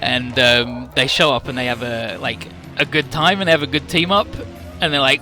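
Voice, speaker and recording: A man's voice: mid-range voice, steady tone, moderate pace, bright, forceful tone. A young man streaming a game, rambling casually and profanely about the story over game music. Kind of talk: casual gaming commentary.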